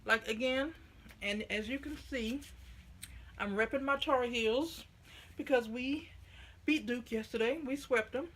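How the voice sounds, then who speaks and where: A woman's voice: on the high side, a little slow, long pauses, a bit bright. A middle-aged woman with a Southern US accent, chatting to camera in a folksy, rambling way on her own vlog. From United States. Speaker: vlogger. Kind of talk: casual chat to camera.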